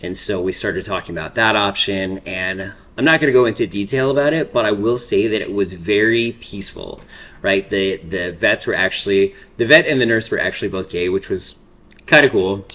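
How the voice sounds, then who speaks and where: Low-voiced man in his thirties, rambling. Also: normal speed, fairly bright tone. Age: 30s. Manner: rambling, filler-heavy storytelling. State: holding back tears. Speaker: makeup vlogger. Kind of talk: casual get-ready-with-me chat.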